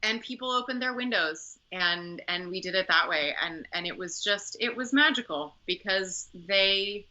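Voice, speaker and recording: A woman's voice: medium pitch, lively intonation, normal speed, hardly any pauses, pushed and bright. A woman opera singer and company director telling stories in a conversational interview, chatty, with many fillers and restarts. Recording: muffled lo-fi audio.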